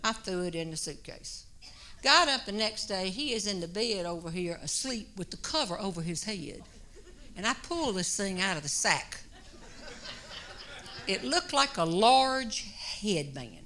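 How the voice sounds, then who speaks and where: A woman, a humorist telling a long comic story on stage, drawing out her words with animated timing. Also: mid-range voice. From North Carolina. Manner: drawn-out, animated delivery with comic pauses. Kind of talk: stand-up storytelling. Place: stage before a live audience.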